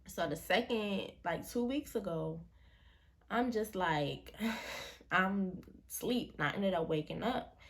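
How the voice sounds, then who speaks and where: A woman's voice: mid-range voice, takes it slowly. A young woman vlogger casually telling a personal story in slangy speech, acting out the voices of the people in it. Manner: slangy, animated retelling with quoted voices.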